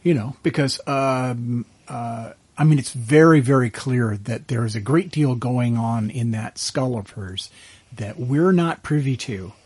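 A man's voice: medium pitch, measured pace, darkish tone, husky, dry recording. A man hosting a casual panel interview, speaking thoughtfully with many hesitations. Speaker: interview host.

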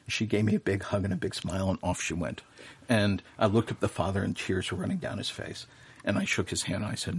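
Husky-voiced man telling heartfelt stories. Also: low-pitched, fairly even intonation, fast talker. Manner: warm, earnest storyteller with many fillers and restarts. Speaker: professional Santa performer, radio guest. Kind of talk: casual storytelling in an interview.

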